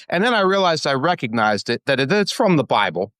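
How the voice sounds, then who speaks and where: A man's voice: a little high, expressive, fast, hardly any pauses, a bit bright, no room sound. A man co-hosting a casual sports podcast, joking wryly and stumbling over repeated words. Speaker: podcast co-host. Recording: dry close sound.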